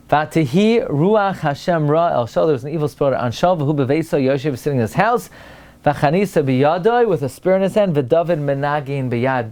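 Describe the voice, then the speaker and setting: A man, a rabbi, giving a Torah lecture, asking rhetorical questions and rising to an excited high pitch to make a point. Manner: peppers English with Hebrew and Aramaic terms, asks rhetorical questions.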